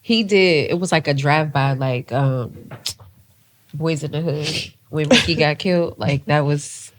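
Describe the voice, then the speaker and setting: A woman's voice: sits low, unhurried, slight background noise. A woman co-hosting a podcast, chatting casually and telling stories with lots of "like" and some swearing. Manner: animated storytelling, swearing, lots of "like" and "child". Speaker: podcast co-host. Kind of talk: casual chat.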